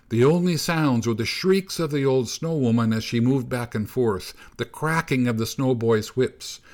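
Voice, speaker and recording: Slow, measured male storyteller. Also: fairly low pitch. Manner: slow, measured, hushed at times. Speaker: narrator. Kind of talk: storybook read-aloud narration.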